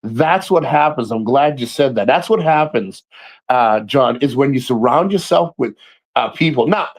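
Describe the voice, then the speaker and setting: A man hosting a casual livestream, talking to viewers by name and ranting in a profane, animated way with frequent laughs. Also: mid-range voice. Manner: laughs often and repeats himself. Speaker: livestream host.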